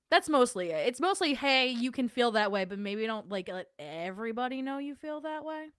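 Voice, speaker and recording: A woman's voice: mid-range voice, fairly bright tone, clean tone, dry recording, studio quality. A young adult woman hosting a casual livestream, chatting and answering her chat in a self-deprecating way. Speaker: livestream host.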